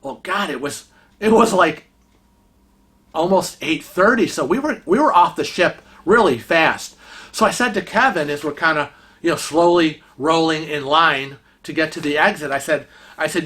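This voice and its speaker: Vlogger retelling a story, fired up and indignant, bright sharp voice, keeps restarting. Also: mid-range voice, normal speed, slightly rough. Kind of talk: casual storytelling.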